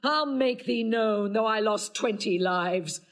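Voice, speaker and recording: A woman's voice: a little high, slow. An actress playing a fierce, loyal lady's maid in a classical stage drama, speaking urgently and defiantly. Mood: defiant, grieving.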